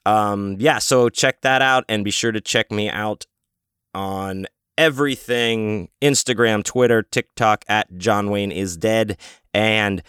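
A man's voice: lowish voice, steady tone, takes it slowly, fairly bright tone, clear, resonant tone, dry recording, studio quality. A man hosting his own show, telling a rambling story in a casual, profane, self-interrupting way. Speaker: podcast host and author.

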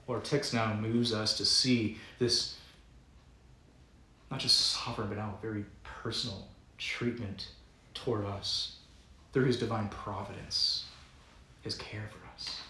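A man's voice: on the low side, fairly even intonation, moderate pace, sharp tone, roomy sound, poor audio. A man preaching a sermon as pastor, in a conversational, playful way that often breaks into chuckles. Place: church sanctuary.

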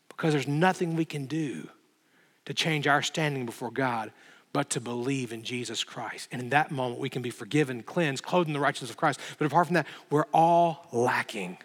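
A man's voice: medium pitch, normal speed, long reverb tail. A man pastor preaching a sermon, retelling a scripture story with mounting emphasis. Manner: emphatic, building intensity, dramatic retelling.

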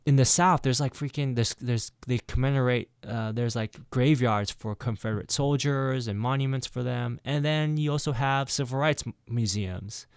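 A man talks casually at a middle pitch, telling rambling stories full of restarts and self-corrections. His voice is recorded close and dry, with no room sound. He slips into acted-out dialogue when he quotes people. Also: normal speed, few pauses, smooth, dry recording. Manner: rambling storytelling, many restarts. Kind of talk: casual chat.

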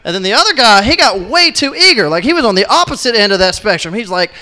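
Man, stand-up comic, high bright voice, swings all over, stage mic in a club. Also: fast talker. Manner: animated storytelling with loud laughing outbursts. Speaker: stand-up comedian. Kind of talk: stand-up set at an open mic.

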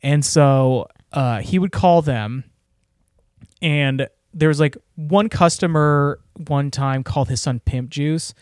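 A man in his own easygoing voice drifts through a story and keeps looping back on himself, with "like" and "uh" scattered through every sentence. His voice sits a bit high for a man, and the sound is dry and close. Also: slow pace, darkish tone, clear, resonant tone, no room sound. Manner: playful, rambling, lots of fillers. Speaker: podcast co-host. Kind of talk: casual chat.

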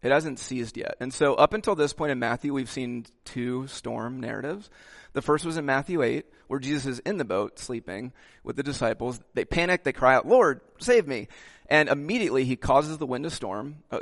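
A male pastor preaching a sermon with lively delivery, dropping "okay" asides and acting out the quotes he reads. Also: medium pitch, creaky.

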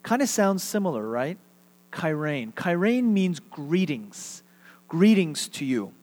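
A man's voice: fairly high pitch, very animated, slow pace, darkish tone. A man preaching a sermon as pastor, speaking conversationally and leading his congregation in call-and-response. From Texas. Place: church sanctuary. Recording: reverberant hall.

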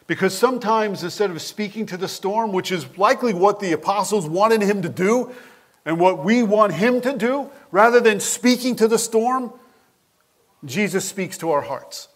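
A man preaching a sermon as pastor, with an expressive, animated delivery who asks his listeners questions directly. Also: high voice, moderate pace.

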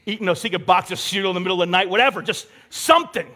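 A man's voice: high-pitched, very fast, pushed and bright. A young man preaching a casual, conversational sermon, acting out the characters he quotes. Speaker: pastor.

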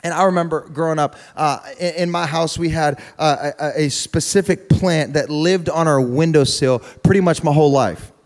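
A young man preaching a sermon through a funny personal story, chatty and repetitive, building to loud preaching. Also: on the high side, normal speed, hardly any pauses. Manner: conversational, humorous, repeats words, rises to loud preaching.

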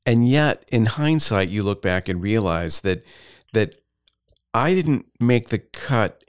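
A man, a pastor hosting a podcast, speaking in a measured, thoughtful way with pauses in a casual studio conversation. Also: lowish voice, lively intonation, smooth, dry recording.

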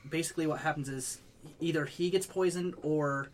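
A man's voice: fairly high pitch, fairly even intonation, a little fast. A man chatting casually with friends, explaining in detail with enthusiasm. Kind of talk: casual chat.

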